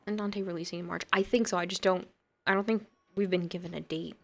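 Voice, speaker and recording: A woman with a slightly low voice, chatting casually as a livestreamer. She rambles from one thought to the next while gaming and answering her chat. She laughs often. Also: fairly even intonation, fast, creaky.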